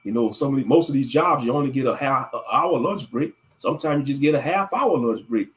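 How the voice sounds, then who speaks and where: A man's voice: medium pitch, a little fast. A man hosting a casual livestream, ranting animatedly with plenty of cursing. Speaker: livestream host.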